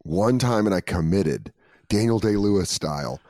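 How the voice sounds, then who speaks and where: A man's voice: low-pitched, expressive, darkish tone, no echo, clean studio sound. Swearing storytelling comedian guy. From Colorado. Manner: loose storytelling, swearing, quick to laugh. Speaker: comedian guest. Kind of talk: casual podcast chat.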